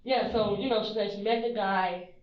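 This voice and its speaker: A young woman being questioned by police, rambling with lots of "you know" and "like" and trailing off quietly at the ends of her lines. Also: medium pitch, steady tone, normal speed. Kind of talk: police interview recording. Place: police interview room. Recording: echoey distant muffled interview-room mic.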